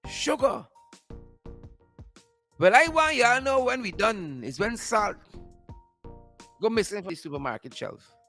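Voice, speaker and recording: A man's voice: high voice, lively intonation, unhurried, long pauses, pushed and bright, faint music behind. A man hosting a political commentary show, mocking and repeating phrases for emphasis. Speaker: show host.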